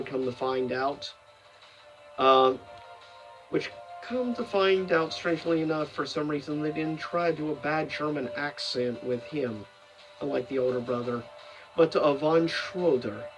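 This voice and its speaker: A man's voice: a little high, unhurried, recorded from a distance, faint music behind, poor audio. A man giving a casual, rambling commentary as a video host, full of fillers and self-corrections. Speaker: video host ranking seasons of a cartoon.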